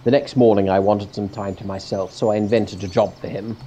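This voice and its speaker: Let's play co-host reading the game's story, mellow and relaxed, stumbles on words, faint noise behind. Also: male voice, fairly low pitch, a little fast, poor audio. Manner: stumbles and restarts on words, light laughing. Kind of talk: reading game text aloud with casual chat.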